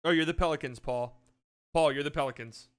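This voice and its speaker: A man with a high, smooth, resonant voice hosts a casual online mock draft. He drifts between quiet mumbled asides and loud mock-announcer calls, talking into a desk mic. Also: fairly quick. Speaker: host running a community mock draft. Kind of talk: casual livestream chat with mock announcer bits.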